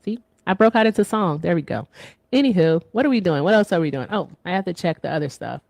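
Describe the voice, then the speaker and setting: A woman's voice: on the low side, expressive, fast, vocal fry, dry recording. A woman in her thirties hosting a casual livestream, playful and chatty, thanking donors. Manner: playful, chatty, reads donor shout-outs. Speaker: livestream host.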